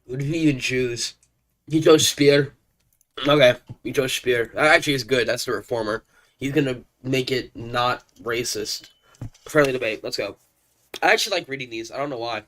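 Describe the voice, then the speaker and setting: Male streamer, congested from allergies, excitable commentary mixed with stumbling read-alouds. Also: medium pitch, normal speed. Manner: excitable, stumbles over names. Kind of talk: live gameplay commentary and reading game text aloud.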